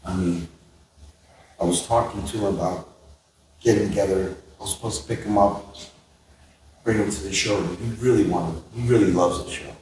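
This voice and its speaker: A man on a memorial panel, speaking softly and haltingly with pauses and fillers. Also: deep voice. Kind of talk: reflective remembrance. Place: convention hall panel room. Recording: echoey hall, distant mic, faint noise.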